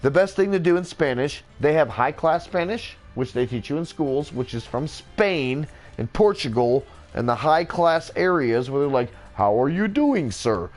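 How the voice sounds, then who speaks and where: A man's voice: on the high side, animated, normal speed, few pauses, a little mellow, soft background music. A man in a rambling, joking casual monologue, swearing freely as he goes.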